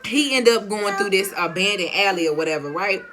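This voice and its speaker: A young woman telling a story in a casual, animated and slangy way, often laughing. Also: medium pitch, fairly quick, noisy background. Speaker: vlogger.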